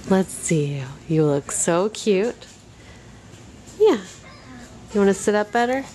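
A young woman, a mother filming her babies at home on a handheld camera, talks to them in gentle, cooing baby talk. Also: mid-range voice, expressive, takes it slowly, slight background noise. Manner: sing-song, cooing, gentle. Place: home living room.

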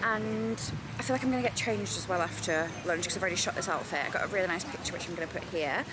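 A woman's voice: fairly low pitch, fast talker, heavy background noise. Chatty, giggly English woman vlogger. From England. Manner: chatty, bubbly, laughs a lot mid-sentence. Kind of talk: casual vlog chat to camera. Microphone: handheld phone camera at arm's length.

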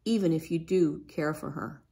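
Lady reading as a soft-spoken dad on a ranch, low and slow, kind but worried, storybook voice. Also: gravelly. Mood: gently worried. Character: kind, worried middle-aged father on a ranch.

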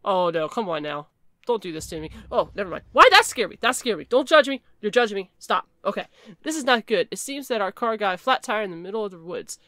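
A woman giving chatty, excitable commentary while playing a horror game and reading its text aloud. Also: medium pitch, quick pace, no echo, clean studio sound. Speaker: gaming video creator.

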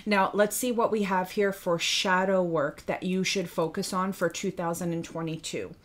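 A woman's voice: lowish voice, steady tone, moderate pace. A woman giving a tarot reading for viewers, earnest and a little out of breath, often calling the listener by star sign and checking in with "okay?". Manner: earnest, addresses the listener by star sign, asks rhetorical questions ending in "okay?". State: slightly out of breath. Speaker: tarot reader.

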